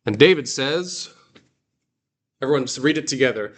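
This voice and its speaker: A man teaching a guided reading class, explaining slowly and patiently with fillers and restarts. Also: mid-range voice, a bit bright. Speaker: Greek teacher.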